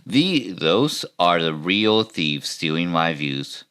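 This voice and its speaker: A man's voice: low voice, very animated, slow pace, a bit bright, clean tone. A man hosting a podcast, ranting about retail work in a wry, self-mocking way with rambling asides. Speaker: podcast host. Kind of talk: comedic retail-work rant and video reactions.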